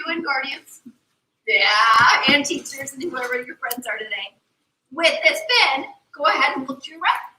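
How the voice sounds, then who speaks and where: A young woman performing as a mermaid, teaching children in an animated, sing-song way at a live aquarium show. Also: sits high. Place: aquarium tank area with audience. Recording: echoey room from far off, faint ambience.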